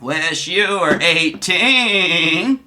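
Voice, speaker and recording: A man voicing a middle-aged man flirting in an online chat, slow and flat. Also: fairly high pitch, voice pushed up, heavily acted.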